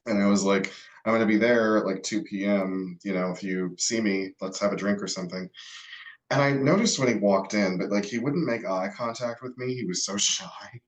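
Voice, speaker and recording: Podcast co-host, man from ohio, very low voice, wry and self-mocking. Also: normal speed. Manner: wry, self-deprecating, with high laughs. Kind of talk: casual chat.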